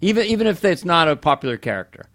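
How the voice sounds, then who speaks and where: Brief: middle-aged male comic, lively and animated, dry close mic. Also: fast, no room sound. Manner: animated, jumps in pitch, slips into voices. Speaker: comedian guest. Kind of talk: casual podcast chat.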